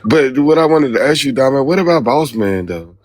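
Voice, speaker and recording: A man's voice: mid-range voice, animated, a little fast, no room sound. A man joining a livestream, pressing the host with insistent questions. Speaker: livestream guest. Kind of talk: casual livestream talk.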